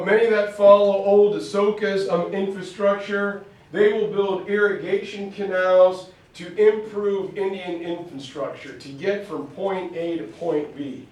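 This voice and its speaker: A male history teacher giving a lively, playful classroom lecture, slipping into quick mock voices. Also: high-pitched. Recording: echoey room, far from mic.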